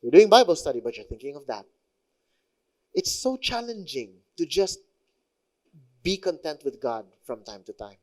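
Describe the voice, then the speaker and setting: A man's voice: fairly high pitch, big pitch swings, moderate pace, pauses often. A young man with a Filipino accent preaching a sermon in a chatty, conversational way, mixing in local phrases. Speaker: pastor.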